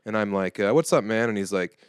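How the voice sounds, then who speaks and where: Comedian guest, thirties, low smooth voice, dry studio sound, animated storyteller who slips into character voices. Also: male voice, a little fast, no room sound. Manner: animated storyteller, acts out the people he quotes in high or low voices. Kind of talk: casual podcast chat, storytelling.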